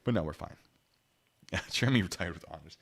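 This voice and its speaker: Guy with a lowish voice rambling through a story to his stream chat, laughs a lot, keeps restarting sentences. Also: animated, moderate pace, vocal fry, a bit bright, slightly rough. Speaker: YouTube channel host. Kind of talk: casual storytelling to a live chat.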